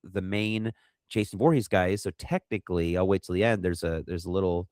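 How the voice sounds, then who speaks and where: Deep-voiced guy rambling thru a horror movie recap, does little silly voices, dry close sound. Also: fairly quick, darkish tone, no room sound. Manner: rambling, acts out quotes in funny voices. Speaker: podcast co-host. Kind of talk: casual movie recap chat.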